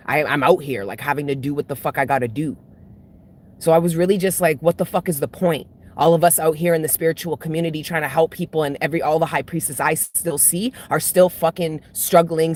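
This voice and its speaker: Blunt, cursing woman venting to viewers. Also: deep voice. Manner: blunt, heavy swearing, emotional outbursts. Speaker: tarot reader and channel host.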